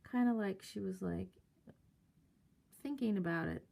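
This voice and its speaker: A woman's voice: mid-range voice, measured pace, vocal fry, warm tone. A woman telling a story to camera in a casual, hesitant way. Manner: hesitant, many fillers. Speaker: vlogger.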